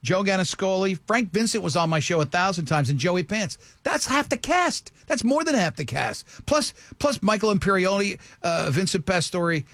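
A man in his sixties hosting a radio show, telling stories in an animated, excitable way. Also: high voice, normal speed, few pauses, no echo. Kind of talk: casual chat. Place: radio studio.

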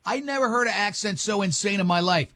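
A man hosting a radio show, telling a rambling, animated story in casual banter with his co-hosts. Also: high voice, fast talker. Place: radio studio.

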